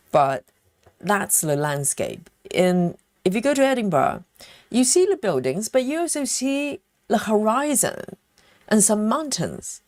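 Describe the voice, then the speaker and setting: On a cross-stitch livestream, a woman whose voice sits on the low side chats casually, reading viewer comments and counting stitches between lots of fillers and self-interruptions. The recording has studio quality with no room sound.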